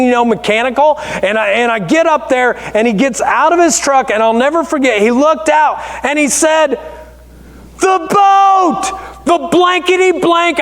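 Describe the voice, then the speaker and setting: High-voiced man preaching, church echo. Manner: storytelling, conversational and animated. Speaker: pastor. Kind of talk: sermon. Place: church sanctuary. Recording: echoey church hall.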